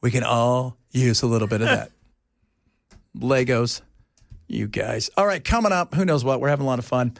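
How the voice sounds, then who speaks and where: A man's voice: medium pitch, normal speed, gravelly, long pauses, no echo. A man hosting a talk radio show, bantering casually and breaking into silly voices as he tells stories. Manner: animated storyteller, slips into silly voices and laughs.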